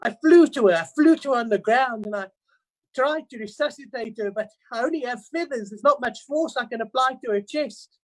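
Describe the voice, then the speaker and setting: A man's voice: very high voice, fairly quick, poor audio. Paranoid gossipy male crow, sure everyone is up to no good, improvised by an actor. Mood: dramatic. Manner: conspiratorial, dramatic, suspicious. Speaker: improv performer. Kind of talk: improvised first-person storytelling. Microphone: video call.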